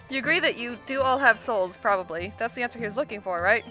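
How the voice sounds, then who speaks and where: A woman's voice: fairly high pitch, quick pace, few pauses, sharp tone, soft background music. A woman hosting a let's-play, reading a visual novel aloud with casual, chatty commentary and laughing at the script.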